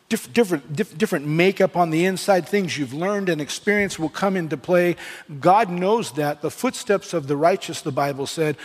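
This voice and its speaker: Guy pastor preaching, kinda high voice, echoey church sound. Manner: earnest preaching with restarts and rising emphasis. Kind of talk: sermon. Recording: long reverb of a church hall.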